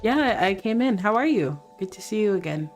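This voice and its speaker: A woman's voice: mid-range voice, lively intonation, normal speed, soft background music, lightly acted. A woman voicing a friendly, easygoing young man who drops by on a visit, talking casually and a bit sheepishly.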